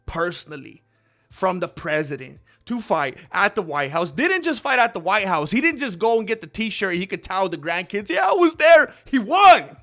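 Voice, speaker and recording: A young man giving a casual, excitable commentary monologue, often laughing and acting out what others said. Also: sits high, moderate pace. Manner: excitable, laughing, quotes others in put-on voices. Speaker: MMA commentary host.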